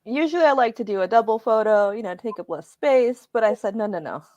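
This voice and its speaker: A woman's voice: on the high side, expressive, fairly quick, a little mellow, dry recording, muffled recording. A woman co-hosting a show in casual chat, telling stories expressively and laughing often. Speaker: co-host.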